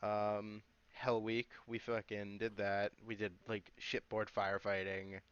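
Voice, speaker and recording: A man's voice: fairly low pitch, completely flat delivery, measured pace, clear, resonant tone. A man chatting casually on a podcast, laid-back, throwing in short agreements and slang. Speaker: podcast co-host. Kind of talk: casual chat. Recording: dull, muffled lo-fi mic.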